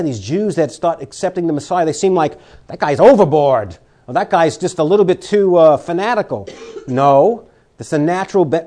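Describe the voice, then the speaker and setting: Fiery preacher man, emphatic swings. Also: high voice. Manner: emphatic, swings between loud declarations and quiet warnings. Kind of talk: sermon.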